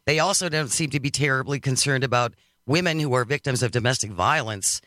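A man's voice: mid-range voice, fairly quick, dry recording, studio quality. A man hosting a political talk radio show, chatting casually and sarcastically with his co-host and reading listener messages. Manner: sarcastic, lively delivery.

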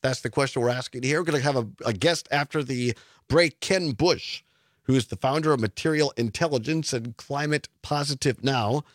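A man hosting a talk radio show, brisk and friendly, taking calls and setting up segments. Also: mid-range voice, no echo, clean studio sound.

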